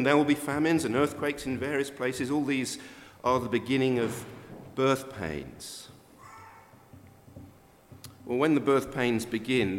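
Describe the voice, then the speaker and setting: An older man preaching a sermon in a conversational way, with sudden emphatic rises. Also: medium pitch. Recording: long reverb of a church hall.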